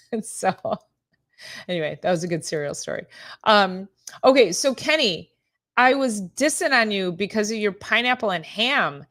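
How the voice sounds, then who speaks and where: This middle-aged chiropractor hosts a casual live-stream chat in a medium-pitched, slightly bright voice with lively intonation and a normal pace. She rambles, laughs a lot, and addresses her viewers by name.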